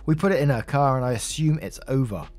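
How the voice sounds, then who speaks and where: A man's voice: mid-range voice, quick pace, a little mellow. A man narrating a Reddit story in a conversational way, adding his own asides.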